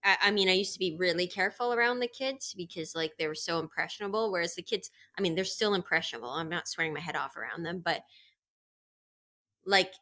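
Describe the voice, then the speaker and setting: A woman's voice: fairly low pitch, fast, pushed and bright. A woman co-hosting a podcast in casual chat, a parent in her thirties who tells funny stories and acts out the quotes. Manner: laughing storyteller, voices quotes. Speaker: podcast co-host.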